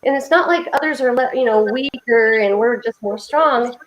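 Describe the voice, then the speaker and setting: Woman, fairly high voice, earnest and heartfelt, faith talk, video call chat. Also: moderate pace, rough recording. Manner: earnest, heartfelt storytelling with a preacher's lift. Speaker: co-host of a faith support livestream. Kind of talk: casual faith-based chat.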